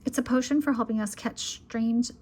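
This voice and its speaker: A woman's voice: fairly high pitch, steady tone, moderate pace, a little mellow, slight background noise, lightly acted. A woman reading aloud, voicing an earnest, eager young boy.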